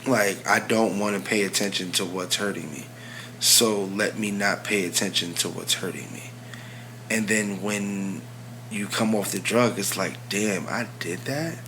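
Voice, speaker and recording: A man co-hosting a casual relationship podcast, candid and confessional, often dropping to a low, quiet tone. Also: fairly even intonation, a little slow, slight background noise. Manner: swears freely. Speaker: podcast co-host.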